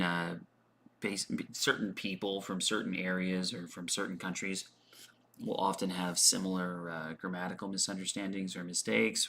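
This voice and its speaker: A man hosts a casual English lesson livestream, answering viewers' questions as they come in. He thinks aloud, often restarting and filling pauses with "um" and "uh". His voice is slightly low yet bright and forward. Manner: frequent fillers and repeated words. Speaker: English teacher.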